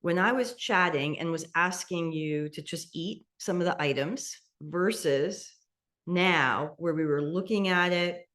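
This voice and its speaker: A woman with a fairly low voice leads a mindful eating meditation, her pace slow and gentle. She guides students step by step and laughs softly now and then. She speaks over a video call. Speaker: meditation instructor.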